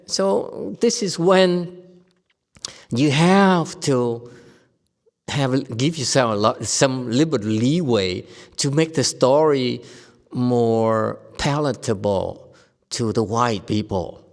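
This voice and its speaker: A man teaching a Buddhist Dharma lecture, telling stories in a lively way and acting out the people he quotes. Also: medium pitch, slow pace, creaky, in a large hall. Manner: lively storytelling, acts out quoted speakers, laughs often. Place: Buddhist meditation hall.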